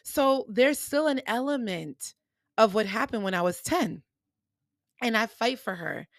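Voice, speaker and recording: Young woman podcaster, storytelling monologue, animated, dry close sound. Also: on the high side, unhurried, vocal fry, no echo. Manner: animated, acts out quoted voices, addresses listeners as y'all. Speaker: podcast host.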